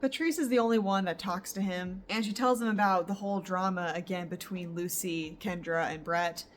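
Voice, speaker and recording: A woman's voice: on the low side, steady tone, normal speed, slight background noise. A young woman book vlogger chatting casually at home about a novel she is reading, reacting with laughs. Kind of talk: casual reading vlog chat. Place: home in the countryside.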